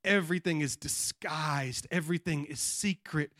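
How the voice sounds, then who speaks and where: A man preaching a sermon to a congregation, swinging between loud emphatic peaks and quiet, low passages, and calling on the people to answer back. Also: lively intonation, moderate pace, long pauses, dry recording, clean studio sound. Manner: calls on the congregation to respond. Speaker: pastor.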